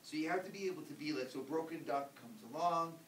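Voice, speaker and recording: A man, a priest, giving an informal, conversational ethics lecture and acting out examples. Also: fast. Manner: conversational, emphatic, acts out examples. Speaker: Catholic priest teaching ethics. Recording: roomy, distant mic, faint rumble.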